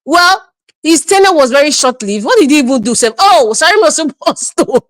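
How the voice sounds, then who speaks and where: A woman's voice: high-pitched, animated, a little fast, no echo. A woman with a Nigerian accent giving scolding, mocking political commentary on a livestream, laughing often.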